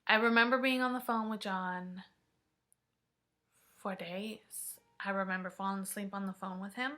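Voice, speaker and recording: A woman vlogger telling a personal story in an emotional, halting way, sometimes dropping to a hush. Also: medium pitch, steady tone.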